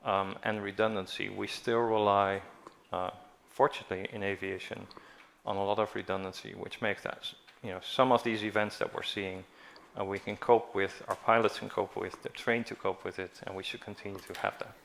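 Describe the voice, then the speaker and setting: A man with a low, gravelly voice talks as an expert panelist. He speaks in a measured way and searches for words. A faint background noise sits behind him. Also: flat delivery, a bit bright. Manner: measured, hesitant with fillers. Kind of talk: panel discussion.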